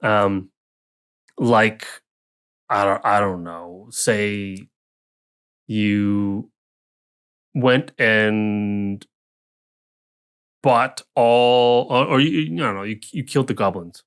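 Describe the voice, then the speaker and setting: A man's voice: fairly low pitch, drawn-out words, pauses often, fairly bright tone, clear, resonant tone. Rambling man in casual podcast chat. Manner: rambling, many restarts, acts out townsfolk lines. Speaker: podcast co-host, dungeon master.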